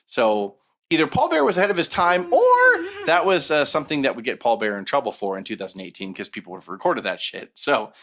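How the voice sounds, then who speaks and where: A man co-hosting a podcast, telling a story in a casual, joking way with plenty of swearing. His voice is pitched in the middle and swings widely up and down as he talks. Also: quick pace. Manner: animated, profane, joking. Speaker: podcast co-host.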